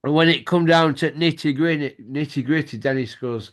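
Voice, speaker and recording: Guy, middle aged, boxing show host, swears a lot, kinda high voice for a bloke. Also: moderate pace, hardly any pauses. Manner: swears freely, laughs mid-story. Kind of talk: casual storytelling chat.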